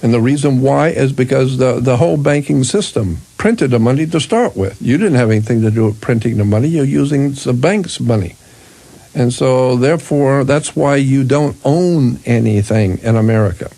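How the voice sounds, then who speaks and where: A man's voice: mid-range voice, moderate pace, creaky, mellow. Older man lecturing emphatically on radio. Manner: emphatic, repetitive, with frequent restarts. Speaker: radio talk show host. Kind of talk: conspiracy radio talk. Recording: radio show recording.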